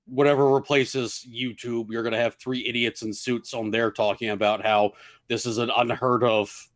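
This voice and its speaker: A man's voice: mid-range voice, level tone, normal speed, dry recording. Dry-miked sardonic man chatting. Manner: opinionated, sardonic, swears casually. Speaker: podcast co-host. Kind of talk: casual chat.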